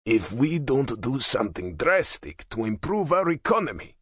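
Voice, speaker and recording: A man narrating an audiobook voices a fervent hardline male politician, raspy, harsh and impassioned. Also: mid-range voice, very animated, normal speed, a bit bright, dry recording, clean studio sound. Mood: urgent. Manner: impassioned, intense.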